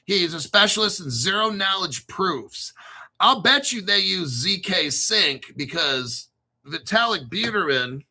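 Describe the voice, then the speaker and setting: A high-pitched man with a very bright, piercing tone hosts a crypto show in a loose, rambling monologue. He sounds excitable and swears freely, stopping now and then to spell out names letter by letter. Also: a little slow.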